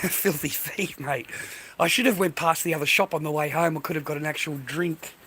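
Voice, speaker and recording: A man's voice: a little high, steady tone, moderate pace, pushed and bright, slightly rough, rough recording. An Australian man ranting bluntly in casual talk to his viewers, repeating himself and calling them "mate". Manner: blunt, repetitive, ends phrases with "mate". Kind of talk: casual rant to camera.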